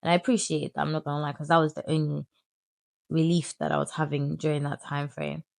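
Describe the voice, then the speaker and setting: Low-voiced woman telling her story. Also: a little fast, vocal fry, no room sound. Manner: candid, animated, with slang and crude asides. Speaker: vlogger. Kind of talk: storytime vlog.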